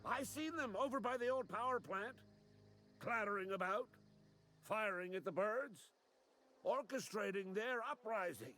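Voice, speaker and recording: A man's voice: high-pitched, lively intonation, unhurried, bright, forceful tone, full character voice. An actor playing a paranoid frontier townsman who preaches urgent warnings about a coming robot uprising. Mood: paranoid ranting.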